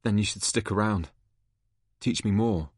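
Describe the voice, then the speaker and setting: A man's voice: lowish voice, a little slow, husky, no echo, clean studio sound. A man reading an earnest teen wizard. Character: earnest teenage boy wizard.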